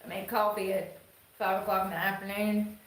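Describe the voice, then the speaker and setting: A woman's voice: mid-range voice, little pitch movement, fairly quick, a bit bright. Southern nc woman w/ a twang just rambling on her stream, cusses a lot, echoey room. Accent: North Carolina Southern twang. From North Carolina. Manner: rambling, chatty, swears freely. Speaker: livestreamer. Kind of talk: casual livestream chat. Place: indoors at home.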